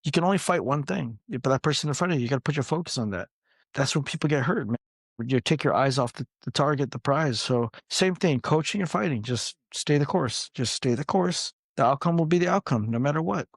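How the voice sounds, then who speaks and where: A man, a martial arts coach, guest on a podcast, telling stories in a loose, energetic way, swearing casually and acting out what people said. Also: fairly high pitch, fast talker, no echo, studio quality. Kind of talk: casual storytelling interview.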